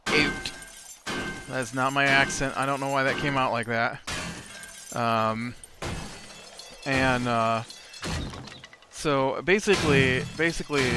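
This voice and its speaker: A man hosting a let's play, telling a rambling story between remarks on the game. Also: medium pitch. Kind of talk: casual gameplay commentary.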